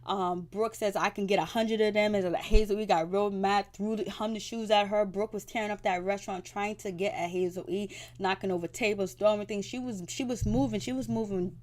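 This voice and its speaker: A woman in a relaxed home recording, talking through a reality-show episode like she's catching up a friend. Her delivery is chatty and loose, sprinkled with slang and playful asides, at an ordinary mid pitch. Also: brisk, few pauses. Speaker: TV recap host. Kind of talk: casual chat recapping a reality show.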